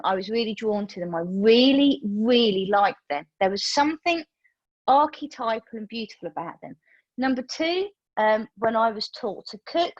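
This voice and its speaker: A woman, leading a yoga class over a video call and telling a lively story, acting out her own reactions. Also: a little high, no room sound, dull audio. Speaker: yoga teacher. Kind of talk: chatty class talk with a personal story. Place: room used for online classes.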